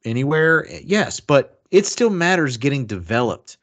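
A man's voice: medium pitch, big pitch swings, measured pace, a bit bright. A man in a casual sports debate, insistent and argumentative, with many fillers.

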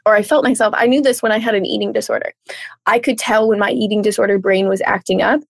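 A woman coach speaks as a podcast guest in a bubbly, animated way, slipping into playful voices for her own thoughts. Her voice has a gravelly, fried edge. The sound is close and dry. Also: medium pitch, fast talker, no room sound. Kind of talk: casual podcast interview.

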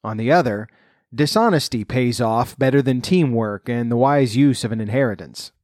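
A man reading a fairy tale aloud in measured narration, then adding wry comments of his own. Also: medium pitch, darkish tone, no room sound, studio quality. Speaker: storyteller.

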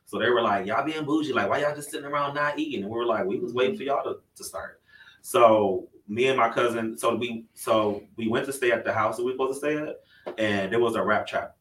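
A man's voice: medium pitch, brisk, a bit bright. A man from Toledo, Ohio, telling a story in a laid-back way and laughing often. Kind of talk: casual chat. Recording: roomy sound from a distant mic.

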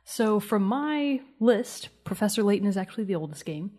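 A woman in her twenties co-hosting a casual podcast chat, self-mocking and building up stories with excitement. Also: mid-range voice, normal speed. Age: 20s. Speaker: podcast co-host.

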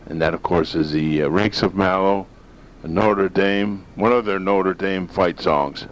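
A man's voice: sits low, a little slow. A man from northern Maine hosting a talk radio show, rambling in a folksy, opinionated way. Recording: dull lo-fi sound with faint hiss.

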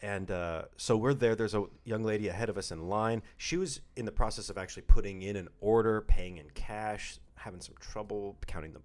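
A man in his thirties telling a story in casual chat, animated and acting out the quotes. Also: lowish voice, fairly quick, few pauses. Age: 30s. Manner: animated, acts out quotes in exaggerated voices. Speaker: podcast co-host.

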